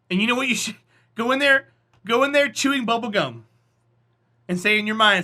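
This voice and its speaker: A man's voice: very high voice, brisk, pauses often, pushed and bright. A man streaming a space game live, chatting casually and encouraging his viewers as he plays.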